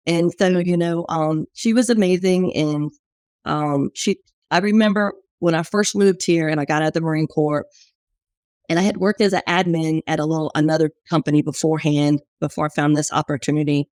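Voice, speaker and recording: A woman's voice: low-pitched, steady tone, brisk, darkish tone, no room sound, clean studio sound. A woman from New Orleans, a business owner, telling stories openly and chattily in an interview. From New Orleans, USA. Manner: open and chatty, storytelling with fillers. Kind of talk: candid conversational interview.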